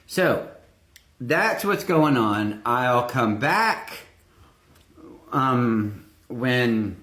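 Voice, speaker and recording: A man's voice: medium pitch, sing-song, extremely slow, a bit bright. A man casually chatting through a home baking vlog, rambling with little asides. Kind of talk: casual chat. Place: home baking room, indoors. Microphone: phone, sometimes earbuds.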